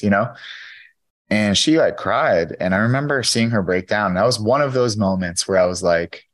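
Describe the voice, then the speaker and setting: A man's voice: on the low side, moderate pace. A man, a podcast guest and keynote speaker, candidly telling his personal story in an interview, earnest and full of "you know".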